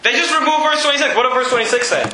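Male pastor, high bright tone, scornful emphatic sermon, roomy hall. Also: racing, slight background noise. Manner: emphatic, mocking, quizzes the congregation. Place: church hall with congregation. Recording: echoey church hall.

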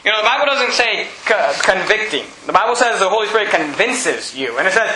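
A man's voice: sits high, big pitch swings, brisk, few pauses, pushed and bright, reverberant, slight background noise, poor audio. A man preaching a sermon as pastor, emphatic, with frequent restarts and hymn lines read aloud.

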